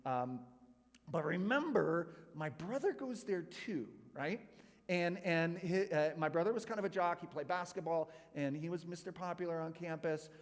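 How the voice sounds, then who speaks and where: A man from California talks to a youth group, telling a story from his own life in a loose, chatty way full of "like" and "right?". His voice sits a little high for a man. The sound carries a long hall reverb. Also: moderate pace.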